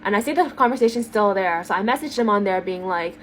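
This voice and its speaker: A woman telling a date story in a chatty, animated way, using lots of fillers. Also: mid-range voice, fast talker, few pauses, slight background noise. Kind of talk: storytime to camera.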